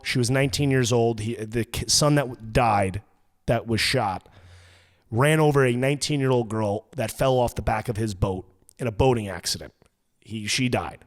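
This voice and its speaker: A man's voice: medium pitch, big-room sound. A man with a New York accent, co-hosting a podcast and ranting profanely for comedy. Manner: loud, fast-ranting, profane. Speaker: podcast co-host.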